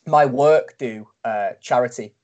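A man's voice: mid-range voice, measured pace, darkish tone. A man with a Liverpool accent co-hosting a podcast, upbeat and chatty, often restarting his words. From Liverpool, England. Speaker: podcast co-host. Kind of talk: casual podcast chat.

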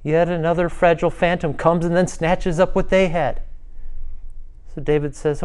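Impassioned male preacher, a bit high. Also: level tone, moderate pace, clean tone. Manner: impassioned, rising loud when voicing David's prayers. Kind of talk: devotional sermon.

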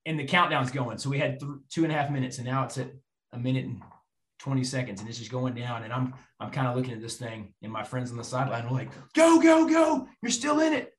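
A man telling a personal faith story to an audience, animated and acting out the voices of people in it. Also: mid-range voice. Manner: animated, acts out quoted voices. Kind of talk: storytelling testimony. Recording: roomy echo.

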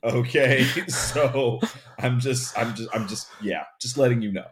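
A man's voice: medium pitch, a little slow, slight background noise. A man co-hosting a casual chat with friends, ranting and swearing a lot. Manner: swears a lot, rambling rants.

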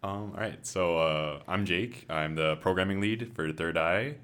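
A young man with a very deep voice, a student guest on a gaming podcast. He talks in a relaxed way, with plenty of ums and uhs. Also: measured pace. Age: young adult. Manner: relaxed, hesitant with fillers. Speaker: student game programmer, guest. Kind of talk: casual podcast chat.

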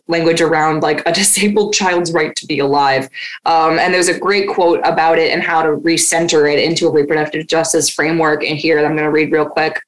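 A woman's voice: low-pitched, low-quality recording. A woman co-hosting a casual political discussion, passionate and profane, with occasional laughs. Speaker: podcast co-host.

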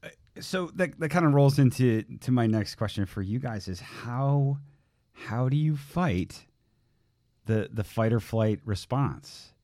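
A man interviewing casually, with a halting, stammering and easygoing way of talking. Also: medium pitch, lively intonation, mellow, dry recording, clean studio sound.

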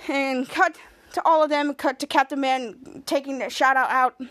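A woman's voice: high-pitched, steady tone, normal speed, fairly bright tone. A woman podcast host casually recapping a TV episode scene by scene, quoting the characters as she goes.

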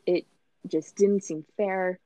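A woman's voice: fairly low pitch, fairly even intonation, takes it slowly, dark tone, no room sound. A young woman telling her own story as an interview guest, chatty and laughing often, with lots of fillers. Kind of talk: casual personal storytelling. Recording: slightly dull lo-fi sound.

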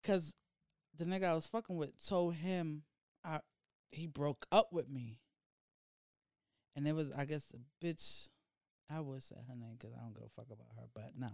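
Animated young man telling a story. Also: moderate pace, gravelly, pauses often, dry recording, studio quality. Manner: animated storyteller, acts out quotes with big pitch jumps. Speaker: podcast co-host. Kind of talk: casual storytelling chat.

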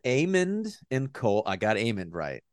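With wildly swooping pitch around a medium range, a man co-hosts a podcast in a relaxed, rambling, jokey way, swearing now and then. He speaks at a moderate pace with a slightly mellow tone. Clean studio sound, dry recording.

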